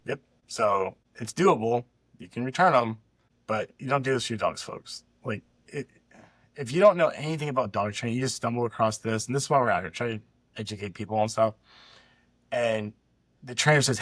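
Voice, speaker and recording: A man's voice: mid-range voice, expressive, moderate pace, a bit bright, dry recording. Blunt, heated man with dry sound. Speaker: dog trainer, co-host. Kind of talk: reaction commentary.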